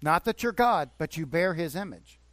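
A pastor preaching to his congregation in an earnest, conversational way, often repeating phrases to drive a point home. His voice sits a little high for a man. The sound is dry and close, with little room echo. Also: expressive, normal speed, fairly bright tone. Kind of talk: sermon. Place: church.

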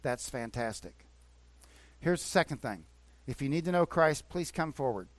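A man's voice: mid-range voice, expressive, moderate pace, no room sound. A man preaching a sermon as a pastor, talking earnestly and conversationally, repeating phrases for emphasis. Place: church.

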